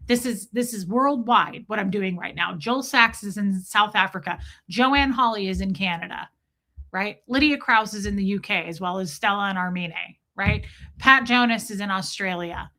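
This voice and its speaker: A woman's voice: mid-range voice, normal speed, sharp tone. A middle-aged woman hosting a casual livestream, chatting confidingly and greeting viewers by name. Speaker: livestream host.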